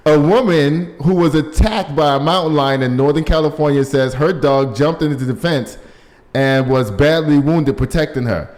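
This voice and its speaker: Animated man hosting a casual news chat. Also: fairly high pitch, moderate pace. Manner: animated, laughing, riffs on stories. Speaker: news show host.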